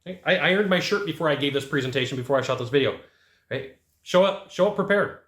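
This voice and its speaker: Fast, punchy male sales coach. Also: on the high side, animated, a bit bright. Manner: emphatic, punchy, keeps asking "right?". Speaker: HVAC sales trainer. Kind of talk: coaching talk to camera. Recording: echoey room.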